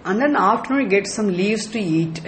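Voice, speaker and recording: A man teaching scripture as a spiritual teacher, emphatic and repetitive, with frequent chuckles. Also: sits high. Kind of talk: scripture lecture.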